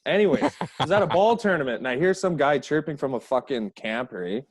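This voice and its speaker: A man's voice: fairly high pitch, fairly quick, dry recording. Crude joking man, podcast guest. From Canada. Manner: crude, joking, animated storyteller. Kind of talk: casual podcast chat.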